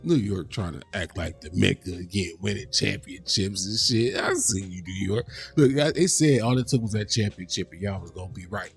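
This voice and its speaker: A man hosting a casual reaction livestream, animated and profane, talking straight to his chat. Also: low-pitched, normal speed, gravelly, hardly any pauses, faint music behind. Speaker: livestream host.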